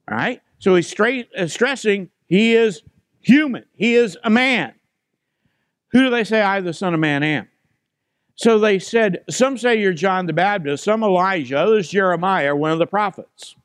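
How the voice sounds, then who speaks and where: A man's voice: sits high, dry recording, clean studio sound. A man preaching a sermon as pastor, stressing key phrases by repeating them and putting questions to the congregation.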